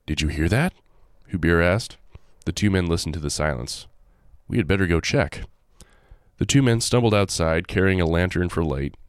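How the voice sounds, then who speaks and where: A man hosting, reading a folk tale aloud with animated, joking asides. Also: low-pitched, no echo, studio quality. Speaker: host. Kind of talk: storytelling with jokey asides.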